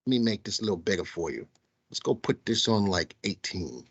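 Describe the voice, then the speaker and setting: A man's voice: on the low side, sing-song, a little fast, breathy edge. Southern guy running a live stock show, chatty, calls everyone folks, kinda dull lo-fi stream audio. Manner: chatty, addresses viewers as folks. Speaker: stock market livestream host. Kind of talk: live market commentary. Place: studio.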